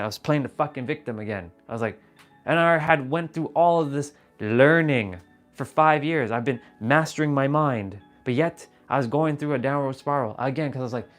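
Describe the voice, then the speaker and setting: A man's voice: medium pitch, normal speed, faint music behind. A man hosting a casual spiritual live stream, earnest and profane, repeating himself and calling his viewers brother.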